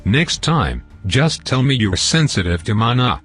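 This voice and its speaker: A man voicing a gruff, fiery woman templar warrior who speaks in curt commands, from a dark fantasy audiobook. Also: mid-range voice, sing-song, unhurried, soft background music, exaggerated voice.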